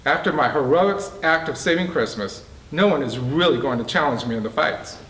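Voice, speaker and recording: A man's voice: on the high side, expressive, fairly quick, fairly bright tone. A man reading the part of a mocking, scheming male prison boss with a smug, taunting manner. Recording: roomy, distant mic.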